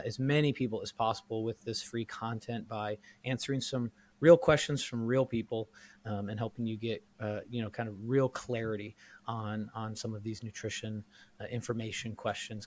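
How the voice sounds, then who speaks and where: A man co-hosting a nutrition podcast in casual chat, his voice hoarse and rambling earnestly with restarts. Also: mid-range voice. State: hoarse, partly lost voice. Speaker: podcast co-host. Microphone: studio microphone.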